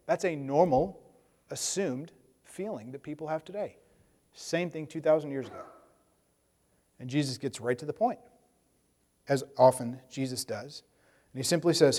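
A man's voice: fairly high pitch, animated, normal speed, pauses often, darkish tone, long reverb tail. A man preaching a conversational sermon, acting out the voices of the people in his story. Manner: conversational, acts out voices of Bible figures. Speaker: pastor.

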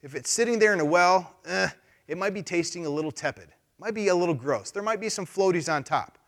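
A male pastor giving a casual, animated sermon, acting out voices as he goes. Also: high-pitched, fairly quick. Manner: animated, conversational, acts out voices.

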